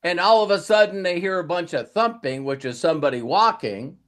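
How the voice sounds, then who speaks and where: A man with a high, bright, expressive voice coaches through a brisk motivational talk. He rambles as he retells stories, acting out the lines of the people in them.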